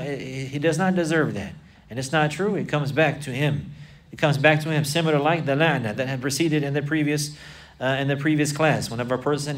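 A fairly high-pitched man, an Islamic teacher, is heard from far off the mic as he teaches a religious class. He quotes Arabic texts and repeats phrases, then walks through what they mean.

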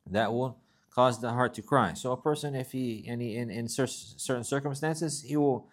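A man teaching a religious lesson, reading Arabic text quickly and then explaining it slowly in English, often repeating himself. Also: mid-range voice.

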